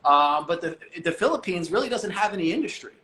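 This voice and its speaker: A man talking as a podcast guest, blunt and animated, swearing casually. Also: sits high, fast talker, echoey room, slight background noise. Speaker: guest, business owner.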